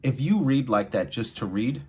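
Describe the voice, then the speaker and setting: Husky low male tutor, lively melody, unhurried delivery; for a reading lesson. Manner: expressive, swings between quiet and loud. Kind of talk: energetic spoken lesson with read-aloud demos.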